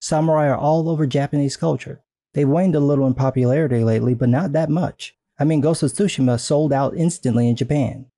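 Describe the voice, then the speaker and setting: A man's voice: on the high side, a little fast, warm tone, no echo. A man delivering a sarcastic, indignant video commentary rant with frequent profanity.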